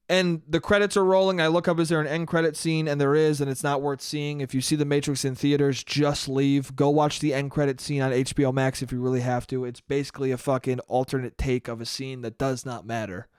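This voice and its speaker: A man's voice: fairly high pitch, clear, resonant tone, no room sound, clean studio sound. A young man hosting a solo podcast, rambling in a profane, self-mocking way. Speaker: podcast host. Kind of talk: solo comedic monologue.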